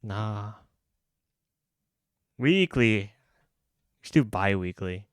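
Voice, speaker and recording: Speaking extremely slowly in a fairly low, lively voice, a young man chats loosely during a live gaming stream, rambling through restarts and slang. The sound is clean studio quality with no echo, recorded on a studio mic with a pop filter.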